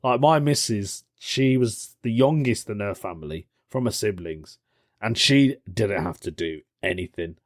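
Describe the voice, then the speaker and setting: A man's voice: on the low side, expressive, unhurried, no echo, clean studio sound. A man hosting a podcast in a casual chat, jokey and rambling, laughing often at his own asides. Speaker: podcast host.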